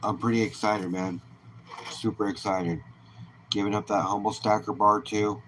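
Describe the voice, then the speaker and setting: A man with a fairly low voice hosts a relaxed live stream and chats easily with viewers, greeting them one by one. He talks in an informal, friendly way, and a faint hiss sits under his voice. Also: normal speed, poor audio. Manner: easygoing, chatty, greets viewers by name. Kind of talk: casual live-stream chat.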